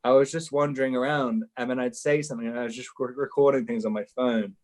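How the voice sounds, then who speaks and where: A man's voice: medium pitch, steady tone, quick pace, darkish tone. A man, an actor being interviewed, giving a rambling, hesitant answer.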